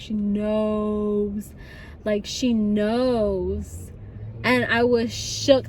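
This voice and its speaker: Young woman, high bright voice, chatty storytime delivery, faint road noise behind. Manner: chatty, animated, laughs often. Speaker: vlogger. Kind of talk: casual storytime.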